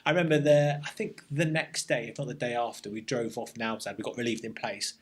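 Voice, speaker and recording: In a relaxed interview, a man who is an army veteran and the guest tells a story at a fairly quick pace and medium pitch. His tone is reflective, army slang fills his speech, and he keeps restarting sentences.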